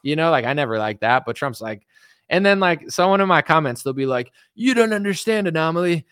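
A man's voice: medium pitch, lively intonation, a little fast, a bit bright, smooth, no echo, clean studio sound. A man ranting sarcastically on a casual livestream as a political commentator, rambling with constant fillers.

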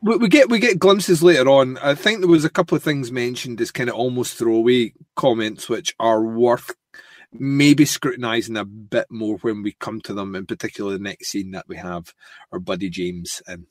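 A man's voice: medium pitch, moderate pace, dry recording. A man chats casually as co-host of a TV recap podcast, swearing and joking. He talks in loose, filler-heavy runs. His voice sounds dry and close to the mic. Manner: crude, joking, full of fillers. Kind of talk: casual chat, recapping a TV show.

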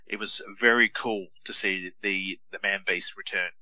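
A man in his thirties rambles easily through a podcast chat, full of ums and uhs. His voice is low-set but strikingly bright and sharp. The recording is dry and close. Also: steady tone, normal speed, dry recording, poor audio. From Australia. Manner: easygoing, rambling, with many fillers. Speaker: podcast co-host. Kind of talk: casual chat.

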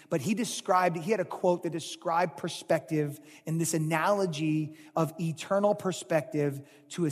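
High-voiced, husky man preaching. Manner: animated preaching, swings from loud to hushed. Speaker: pastor. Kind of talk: sermon. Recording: long hall reverb.

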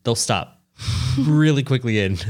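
A man's voice: medium pitch, animated, takes it slowly, a little mellow. A man co-hosting a podcast, joking in an offhand way with casual swearing. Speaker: podcast co-host. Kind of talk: casual chat.

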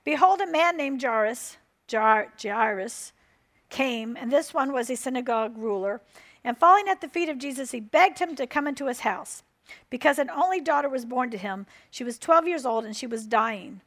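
Woman preacher mid-sermon, fairly high voice, driving points home with repeated phrases and calls for "Amen". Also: animated, moderate pace, fairly bright tone. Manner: emphatic, repeats phrases and asks the crowd "Amen?".

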